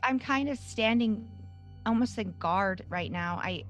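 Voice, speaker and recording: A woman playing a tabletop game, speaking in a soft, earnest, pleading manner. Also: medium pitch, unhurried, muffled recording, soft background music. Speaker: player. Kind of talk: tabletop role-play.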